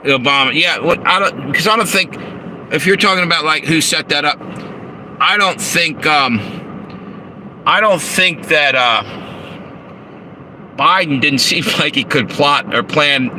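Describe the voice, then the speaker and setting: A man's voice: fairly high pitch, a little slow, pauses often. A man rambling and swearing on a casual livestream from his phone in a parked car, reading out chat messages and chuckling at his own asides. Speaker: live streamer. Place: inside a parked car with air conditioning running. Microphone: handheld phone. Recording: noisy phone audio in a car. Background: car engine and air conditioner hum.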